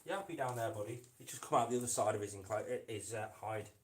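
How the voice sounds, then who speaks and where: A man's voice: fairly low pitch, quick pace. A man hosts a casual live stream, chatting fondly to his pet lizard and calling it "mate" while he works on its enclosure indoors. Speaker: reptile keeper and channel host. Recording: echoey room with faint noise.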